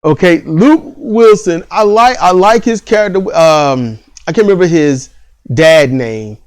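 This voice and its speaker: A man with a high, very lively voice that leaps up and down as he rants. He co-hosts a casual review chat and talks in a blunt, profane way, often breaking into laughs. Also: a little slow, clear, resonant tone. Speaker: podcast co-host reviewing a TV series.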